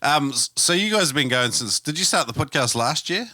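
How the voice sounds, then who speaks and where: A man's voice: a little high, expressive, fairly quick, bright, forceful tone, no room sound, clean studio sound. A man hosting a casual podcast interview, laid-back and slangy. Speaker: podcast host.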